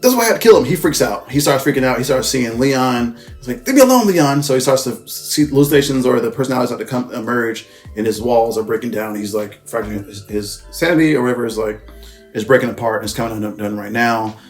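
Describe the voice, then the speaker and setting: A man reviewing a movie talks briskly in a medium-pitched voice with fairly even intonation. His recap of the plot is rambling, casual and profane, with him often correcting himself over faint background music.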